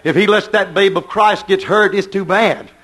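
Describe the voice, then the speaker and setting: A middle-aged man preaching a fervent sermon, swinging from quick asides to slow, shouted declarations. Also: sits high.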